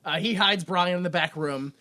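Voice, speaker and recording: A woman's voice: on the low side, moderate pace, sharp tone. A woman co-hosting a podcast, casually recapping a film and acting out the characters' lines with plenty of laughter. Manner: rambling, acts out characters' lines, laughs a lot. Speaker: podcast co-host. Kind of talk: casual movie recap chat.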